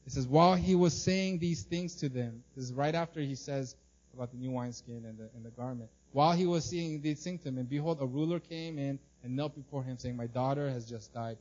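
A male pastor preaching an animated sermon, acting out the people in the story and often repeating and restarting his words. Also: medium pitch, brisk, dull audio.

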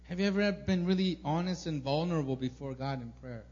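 A young man preaching a casual sermon as a pastor, informal and earnest, full of fillers, sometimes acting out prayers loudly. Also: a little high, brisk. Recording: dull lo-fi recording with faint hum.

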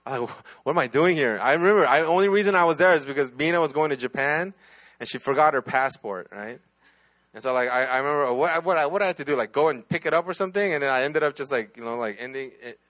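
A man's voice: fairly high pitch, quick pace, fairly bright tone. A man, a pastor, telling his own testimony in a sermon, talking casually with many restarts and "right?" asides.

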